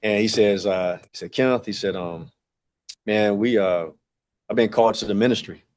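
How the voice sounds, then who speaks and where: At a normal speed, a slightly mellow, low-leaning male voice carries a long personal story. The speaker, a track and field director in his forties guesting on a podcast, rambles casually with many fillers and acts out dialogue.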